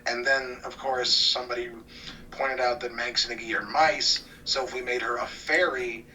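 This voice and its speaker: A man guest talking casually about cartoons, rambling and restarting, often trailing off quieter. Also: mid-range voice, steady tone, moderate pace. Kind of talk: casual interview chat. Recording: distant mic with faint noise.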